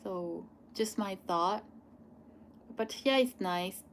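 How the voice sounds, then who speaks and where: A young Thai woman with a Thai accent, Thai as her first language, hosting a live question-and-answer stream in a loose chatty way with many "like" and "um" pauses. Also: medium pitch, slight background noise. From Thailand. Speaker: channel host answering viewer questions.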